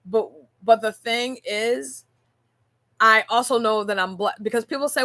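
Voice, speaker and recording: Bright-voiced woman, earnest faith talk. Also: on the high side, measured pace, no echo. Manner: earnest, storytelling, rhetorical "right?". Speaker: podcast host. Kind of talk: casual faith-based reflective talk. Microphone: on camera.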